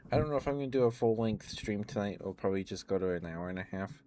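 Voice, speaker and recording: A tired, worn-out man rambling softly and chuckling often, chatting sleepily to his stream viewers up close to the mic. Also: lowish voice, expressive, fast, noisy background. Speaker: ASMR streamer. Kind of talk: sleepy ASMR chat to live viewers.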